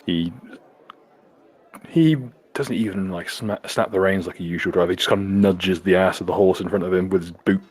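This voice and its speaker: A man's voice: sits low, normal speed, darkish tone, husky. A man narrating a tabletop game as game master, laughing and swearing as he stumbles over words.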